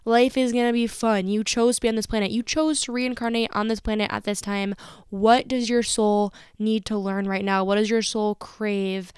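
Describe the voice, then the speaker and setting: Young woman podcaster, super clear voice, dry close mic, blunt pep talk vibe. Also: mid-range voice, fairly even intonation, normal speed, a little mellow, no room sound. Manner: candid, motivational, uses slang and swearing. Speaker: podcast host. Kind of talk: casual solo podcast talk.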